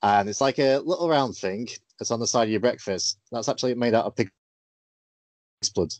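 A man hosting a casual interview, relaxed and hesitant, with many fillers. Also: medium pitch, moderate pace, no echo. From England. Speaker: podcast host.

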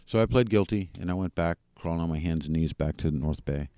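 A podcast guest candidly tells the story of his own recovery, speaking in a plain, halting way and restarting often. His voice sits low and sounds mellow and smooth, in a dry recording.

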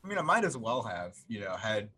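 A man's voice: lowish voice, very animated, fairly quick, pushed and bright, a little hiss or hum. A young man co-hosting a podcast in casual chat, rambling and self-mocking, stammering through restarts. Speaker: podcast co-host.

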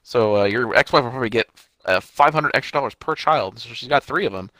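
A man's voice: medium pitch, lively intonation, fast talker, bright, forceful tone, dry recording. A young man in casual chat, teasing his friend and calling him buddy.

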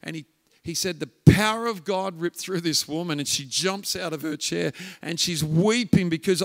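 A man's voice: on the high side, normal speed, creaky. A man preaching a guest sermon, telling a story and acting out the voices of its characters. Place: church hall. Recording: church hall reverb.

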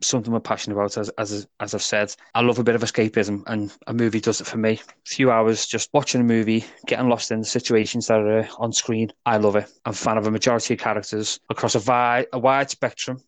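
A man's voice: fairly low pitch, level tone, fast, hardly any pauses, dry recording. A young man co-hosting a podcast, talking casually and rambling with restarts and laughter. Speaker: podcast co-host.

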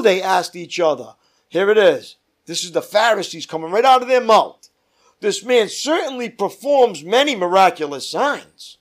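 A man leading a Bible study as pastor, reading scripture aloud with emphatic rises and dropping to quiet asides. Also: high-pitched, animated, moderate pace.

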